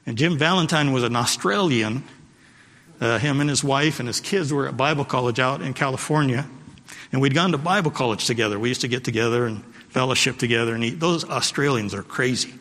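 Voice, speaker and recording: A man with a medium-pitched, fairly bright voice delivers a sermon at a slightly fast pace. He preaches from a church sanctuary, repeating phrases and calling to the congregation, with long hall reverb on the recording.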